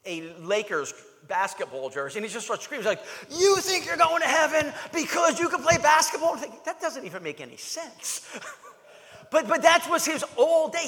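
Guy preaching a sermon, pitch jumps all over, lots of emphatic repeats. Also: in a large hall. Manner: emphatic, animated preaching with repetitions. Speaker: pastor.

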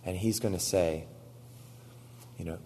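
A man preaching in a low-pitched voice, recorded in a big hall with a long, ringing reverb. He tells a story through quoted back-and-forth dialogue, and he grows loud and emphatic when he presses his points. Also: steady tone, unhurried, slight background noise. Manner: storytelling, quoting dialogue, rising to emphatic exhortation. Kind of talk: sermon.

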